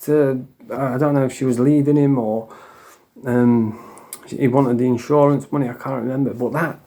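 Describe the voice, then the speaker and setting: A man's voice: mid-range voice, steady tone, normal speed, mellow. A man with a Northern English accent telling a rambling, sweary, emotional story in a casual vlog, while coming off drugs. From England. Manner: rambling, sweary and emotional, with frequent "you know what I mean". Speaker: vlogger.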